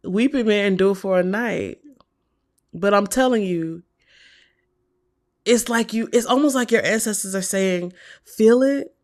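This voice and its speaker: A woman giving a tarot reading, talking slowly and softly with hums and whispered asides. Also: mid-range voice. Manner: slow, soft, encouraging, with hums and whispered asides. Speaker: tarot reader.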